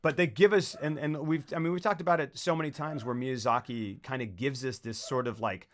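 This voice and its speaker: A man co-hosting a film podcast, excitedly retelling scenes and acting them out with put-on voices and sound effects. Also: medium pitch, brisk. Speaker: podcast co-host.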